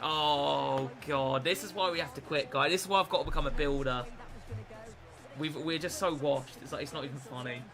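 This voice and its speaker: A young British man streaming a football game, swearing, self-mocking and excitable. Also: fairly high pitch, normal speed, a crowd in the background. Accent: British English. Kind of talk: gaming live stream commentary.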